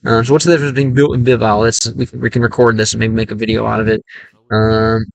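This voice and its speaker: A man streaming a game, chatting casually and thinking aloud in a halting, self-correcting way. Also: fairly low pitch, level tone, creaky, no echo, poor audio. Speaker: language-learning streamer. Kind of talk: casual livestream chat while gaming.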